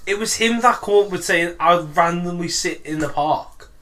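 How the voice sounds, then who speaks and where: A man co-hosting a podcast, bantering excitably and swearing a lot. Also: high voice, moderate pace. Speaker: podcast co-host. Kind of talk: casual banter.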